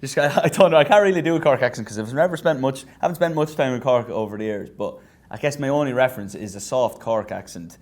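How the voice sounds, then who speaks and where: An Irish man, a singer-songwriter, chatting casually as a guest in a radio studio interview, laughing easily and trailing off softly. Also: mid-range voice, animated, quick pace, hardly any pauses.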